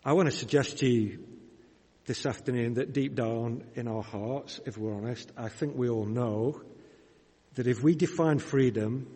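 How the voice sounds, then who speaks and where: A Yorkshire man preaches slowly and deliberately, talking with his congregation rather than at them. His voice is slightly husky. It rings through a church hall with a long reverb tail. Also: medium pitch, mellow. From Yorkshire, England. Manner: measured, conversational preaching with rhetorical questions. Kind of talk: sermon.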